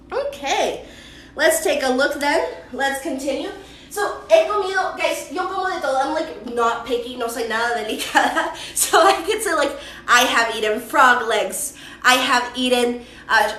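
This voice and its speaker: A woman from the United States, a native English speaker, teaching English in a livestream and switching between Spanish and English, repeating words slowly. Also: high voice, pushed and bright, reverberant. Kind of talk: bilingual livestream lesson.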